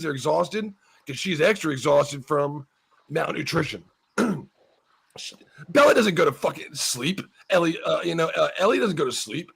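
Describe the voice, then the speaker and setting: Gravelly, husky-voiced man ranting casually. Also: a little high. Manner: rambling, profane, with many restarts. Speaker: podcast host. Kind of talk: casual chat.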